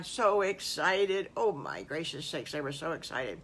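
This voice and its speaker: An older woman telling an improvised children's story in a folksy, animated way, with asides to her listeners. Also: lowish voice, normal speed, hardly any pauses. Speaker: storyteller grandmother.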